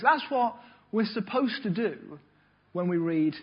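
A man preaches a sermon, telling his stories with lively energy. His voice sits high and a little husky. The recording sounds dull and lo-fi. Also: a little slow. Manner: lively storytelling with acted-out voices.

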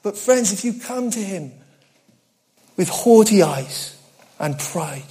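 A preacher delivers a sermon in a fairly high but warm, mellow voice, earnest and conversational with self-deprecating humor. Expressive and slow, he swings from loud emphasis down to hushed, quiet asides.

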